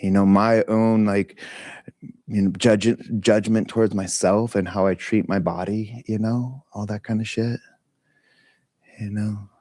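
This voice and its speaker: A man's voice: on the low side, steady tone, a little slow, a little mellow, no room sound. A middle-aged man leading a meditation talk, telling a personal story in a candid, casual way with frequent swearing, laughter and fillers.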